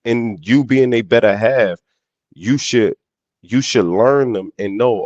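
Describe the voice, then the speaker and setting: A man's voice: mid-range voice, slow pace, darkish tone, no echo. A man in a casual podcast debate, talking in street slang and often repeating and restarting his phrases.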